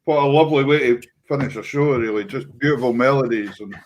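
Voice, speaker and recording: A man's voice: mid-range voice, quick pace, a little hiss or hum, rough recording. Enthusiastic Scottish male host. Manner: effusive, enthusiastic thanks. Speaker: show host. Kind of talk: casual chat.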